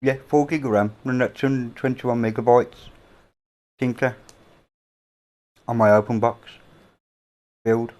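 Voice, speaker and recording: A middle-aged man with an English accent, hosting a casual livestream chat from a home, rambling and offhand with casual swearing, on a boom-mounted mic. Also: steady tone, unhurried, long pauses, darkish tone. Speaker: livestream host. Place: indoors at a home. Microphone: boom-mounted microphone.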